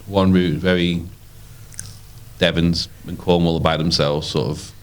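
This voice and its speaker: A man from northwest England, a podcast guest chatting casually in quick, short replies. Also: low-pitched, level tone, smooth. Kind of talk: casual chat.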